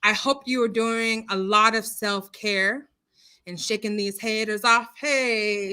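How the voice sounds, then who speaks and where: A woman hosting a casual livestream, loud and expressive, greeting her viewers by name in a chatty way. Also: on the high side, slow, clean tone. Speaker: livestream host. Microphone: computer mic, streaming software.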